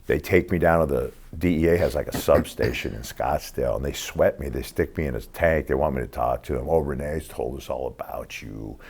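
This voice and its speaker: A man's voice: a bass voice, brisk, few pauses, darkish tone, husky. A man in his sixties telling stories in a casual interview, streetwise and profane, acting out other people's lines. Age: 60s. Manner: acts out other people's lines in quoted voices. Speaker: interview guest.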